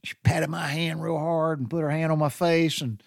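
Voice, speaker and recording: A man's voice: on the high side, flat delivery, normal speed, gravelly, dry recording, studio quality. A middle-aged man with a Southern US accent telling a personal story in a rambling, heartfelt way. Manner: rambling and heartfelt, with many restarts.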